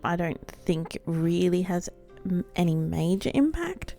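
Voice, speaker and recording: A woman's voice: fairly low pitch, sing-song, unhurried, mellow. A woman hosting a let's play, giving chatty, giggly commentary on her game. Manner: chatty, giggly, self-deprecating. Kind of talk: casual gameplay commentary. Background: faint background music.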